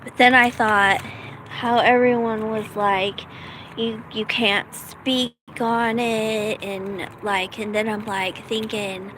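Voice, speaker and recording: A woman's voice: on the high side, fairly even intonation, takes it slowly, a bit bright, slight background noise, low-quality recording. A middle-aged woman from the United States, rambling casually in a self-deprecating vlog with lots of fillers. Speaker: vlogger.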